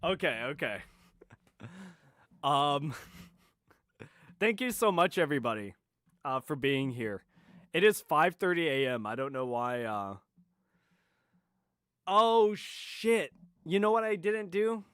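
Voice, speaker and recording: A man's voice: on the high side, expressive, slow, pauses often, a bit bright, smooth, dry recording, studio quality. A tired man chatting and swearing casually while live streaming late at night. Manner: profane, exasperated, rambling.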